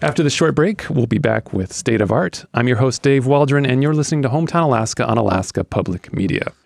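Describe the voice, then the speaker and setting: A man hosting a radio talk show, wrapping up an interview in a quick, friendly way. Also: medium pitch, lively intonation, gravelly.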